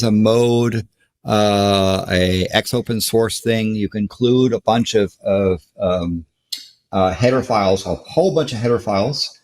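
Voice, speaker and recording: A man from the United States co-hosting a contest presentation, talking casually with many ums, restarts and repeated words over a video call. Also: medium pitch. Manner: hesitant, many fillers and restarts. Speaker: contest co-host.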